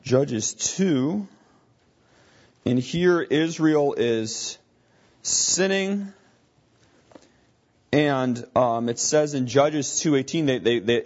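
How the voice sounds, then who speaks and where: A man's voice: medium pitch, darkish tone, highs cut off. A man teaching a Bible lesson, explaining as he thinks aloud and often restarting his sentences.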